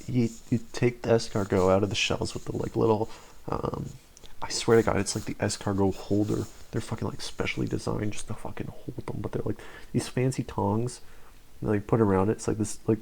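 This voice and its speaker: A young man rambles through a casual solo podcast chat, restarting sentences and swearing freely. His voice is gravelly with a mellow, dark tone. He talks loosely, piling up fillers as he goes. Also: fairly low pitch. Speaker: podcast host.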